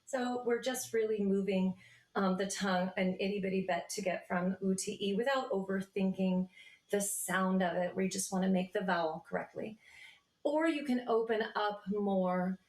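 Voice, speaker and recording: A woman teaching a choir vocal warm-up, reassuring singers as she explains each exercise. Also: mid-range voice, moderate pace, reverberant. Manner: relaxed, reassuring coaching with sung demonstrations.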